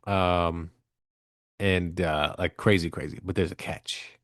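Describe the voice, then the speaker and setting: A man's voice: low-pitched, fairly even intonation, slow, fairly bright tone, no room sound, clean studio sound. A man co-hosting a podcast, telling a movie story in a loose, profane, rambling way with plenty of fillers. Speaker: podcast co-host. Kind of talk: casual chat.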